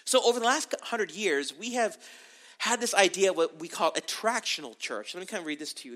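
Man, pastor, conversational sermon, bright forceful tone, fairly high pitch, animated with quick asides. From Canada. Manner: animated, frequent "right?" asides and restarts.

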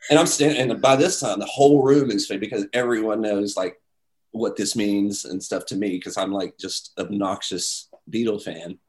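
A man telling a story in casual chat, animated, acting out the voices of the people in it. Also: lowish voice, normal speed. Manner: animated, acts out quoted voices, many "like"s.

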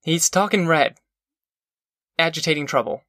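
A man's voice: on the high side, unhurried, sharp tone, no echo, studio quality. A man voicing a cocky, brusque labor contractor. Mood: accusing. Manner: brusque, defensive.

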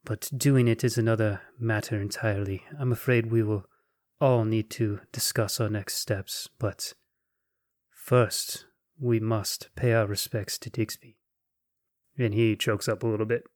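A man's voice: on the low side, steady tone, dry recording. Man narrating a game, dry close sound. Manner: gentle, slow descriptive narration. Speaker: game master.

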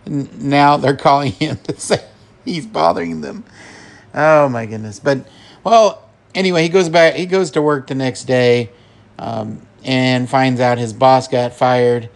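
A man hosting a podcast, recapping a film in an easygoing way, chuckling and filling pauses as he goes. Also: mid-range voice. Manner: slow and chuckling, with fillers. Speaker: podcast host.

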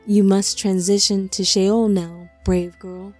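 A steady guardian angel in an audiobook, kind and firm, low and calm, as a woman reads him. The voice is mellow and dry, with faint music under it. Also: slow pace, husky, dry recording.

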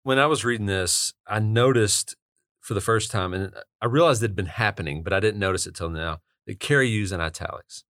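A man's voice: lowish voice, brisk, fairly bright tone, no room sound, studio quality. A man co-hosting a podcast, casually asking his co-host questions about a book. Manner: curious, asks questions, laughs easily.

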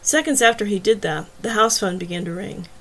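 Brief: female audiobook narrator, steady scripted storytelling, mid-pitched. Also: brisk.

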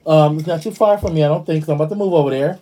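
Sassy man with a husky, mellow voice. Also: on the high side, very fast. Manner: sassy, animated, swears freely. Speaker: podcast host. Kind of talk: casual commentary.

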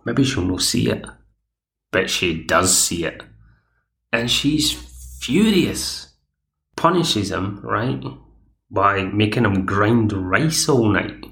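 A man's voice: lowish voice, expressive, takes it slowly, gravelly, a bit bright. A man, chatting through an episode recap as podcast host. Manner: chatty, digressive. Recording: echoey room.

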